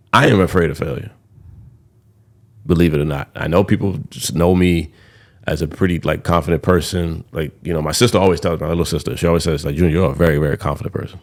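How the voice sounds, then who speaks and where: Deep-voiced young man ranting on a podcast. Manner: candid, rambling, swears freely. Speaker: podcast host. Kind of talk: casual podcast monologue.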